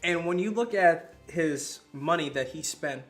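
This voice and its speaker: A man co-hosting a casual podcast, ranting in a profane, animated way. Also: on the high side, unhurried, faint music behind. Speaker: podcast co-host. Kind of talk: casual political podcast chat.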